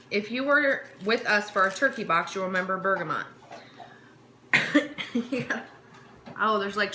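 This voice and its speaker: Casting: a bright, clear-toned woman snack vlogger who reads product blurbs aloud and trips over words. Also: medium pitch, a little hiss or hum. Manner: stumbles over words while reading, talks with mouth full. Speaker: vlogger reviewing a snack box. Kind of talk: casual chat, reading card text aloud.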